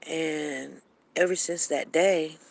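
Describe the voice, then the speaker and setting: A woman's voice: low voice, steady tone, slow, creaky, a little mellow. A woman hosting a casual live chat room, acting out both sides of arguments and repeating phrases.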